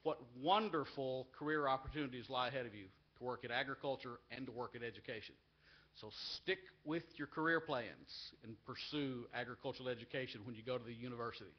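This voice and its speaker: At a live university event, the leader of an agricultural education association delivers an earnest, heartfelt speech in a medium-pitched voice. The audio sounds dull. He becomes emotional and repeats phrases for emphasis.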